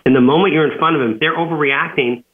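A man's voice: on the high side, fast. A man who is an author and businessman, telling a story as an interview guest, with many fillers and restarts. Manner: rambling, frequent fillers and restarts. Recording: tinny phone-line audio.

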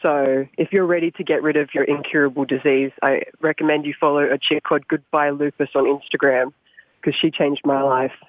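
A man talks quickly and candidly as a guest, swearing without a second thought. His voice sits a little high and comes through a thin, phone-like line with no room sound at all. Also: little pitch movement, no echo. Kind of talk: casual chat. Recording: tinny phone-like line, dry.

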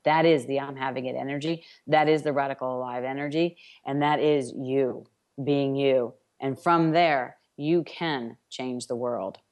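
A woman's voice: extremely low pitch, fairly even intonation, a little slow, darkish tone. A woman from New York hosting a self-help radio show, speaking emphatically with chant-like repetitions.

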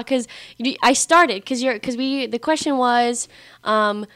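A woman's voice: on the high side, fairly bright tone, clean tone, dry recording. A young woman co-hosting a podcast in casual chat, laughing often as she talks. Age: young adult. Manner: giggly, quick to laugh. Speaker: podcast co-host.

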